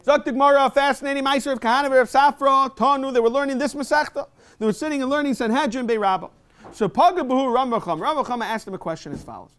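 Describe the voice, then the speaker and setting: A man teaching a Talmud lesson in a synagogue, reading Aramaic text and explaining it in English with quick rhetorical questions. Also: very high-pitched, fairly bright tone, clean tone.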